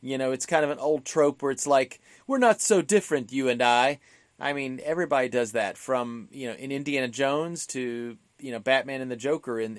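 A man's voice: mid-range voice, dry recording. Casual male podcast co-host, talkative, fillers and restarts, dry close mic. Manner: chatty, many fillers and restarts, acts out quotes. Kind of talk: casual film discussion.

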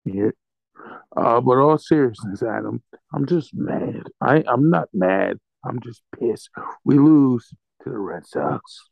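On a casual sports podcast, a male co-host with a mid-range voice and vocal fry rants angrily and profanely, throwing in comic threats. He's unhurried, and the recording is dull, lo-fi and dry with no echo.

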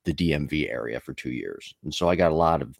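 A man's voice: a bass voice, animated, quick pace, creaky, dry recording, studio quality. A man hosting a podcast in casual chat, telling rambling stories with many fillers and asides. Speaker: podcast host.

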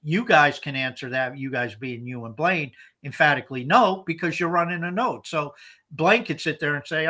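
A man's voice: fairly high pitch, normal speed, bright, forceful tone. A man co-hosting a casual podcast, explaining points emphatically and often repeating words as he restarts. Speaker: podcast co-host.

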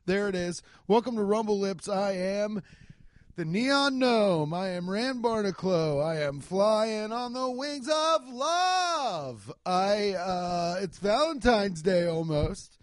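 A man hosting his own podcast from home, ranting in a rambling, profane, animated way. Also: high voice, slow pace, no room sound, studio quality. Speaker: podcast host. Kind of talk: solo comedic rant. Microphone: desk microphone.

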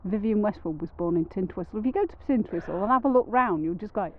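A woman's voice: medium pitch, expressive, fast talker. A woman co-hosting a podcast, chatting in a rambling, wry, self-mocking way while sitting on a rock outdoors in the hills. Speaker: podcast co-host. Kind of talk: casual outdoor podcast chat. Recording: narrow phone-like sound with faint noise.

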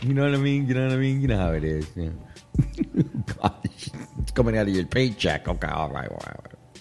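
In a studio with guests and faint music behind him, a show host with a lowish, darkish voice and vocal fry talks briskly and animatedly. He rambles through casual gossip, laughs often and keeps saying "you know what I mean."

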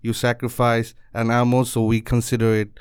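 A man hosting a casual podcast chat, relaxed and teasing, laughing along with his guests. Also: medium pitch, a little fast, smooth, no echo, clean studio sound.

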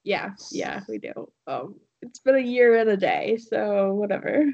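A woman's voice: mid-range voice, very animated, unhurried, gravelly, warm tone, highs cut off. A woman co-hosting a podcast, telling a story in casual chat with lots of fillers and laughs. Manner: rambling with many fillers and laughs. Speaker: podcast co-host.

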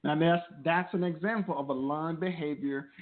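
A man's voice: on the high side, fairly even intonation, normal speed. A man co-hosting a talk show, giving relationship advice in a loose, conversational way, often repeating words as he thinks. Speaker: co-host of a marriage talk show. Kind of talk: casual advice chat. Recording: tinny phone-like sound.

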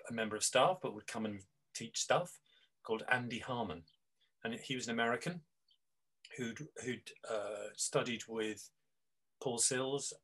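A man's voice: medium pitch, fairly bright tone, rough recording. A middle-aged man, a guest on an interview, talking reflectively with many restarts and fillers. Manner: rambling, with frequent restarts and fillers. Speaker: guest, improv teacher.

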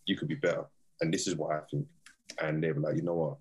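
Deep husky man, earnest guest. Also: little pitch movement, quick pace, a little mellow. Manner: earnest and passionate, builds points in long runs. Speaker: guest, youth mentoring founder. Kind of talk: casual interview talk.

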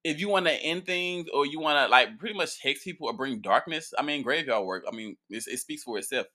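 A man speaking as a priest answering viewer questions in casual, profane chat, playful and animated with frequent laughs and restarts. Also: a little high, brisk.

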